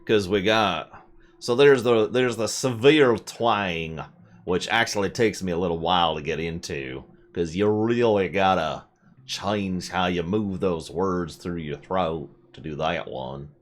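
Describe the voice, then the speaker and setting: A man streaming a video game, rambling and joking as he plays, often jumping into high mock voices. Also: measured pace. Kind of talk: casual gameplay commentary.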